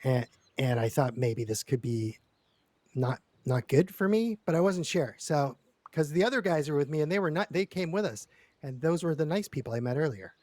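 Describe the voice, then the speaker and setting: A man's voice: fairly high pitch, animated, moderate pace, a little mellow, dry recording. A man telling a long story in character during a roleplay session, rambling and stammering with lots of repeated words and casual swearing.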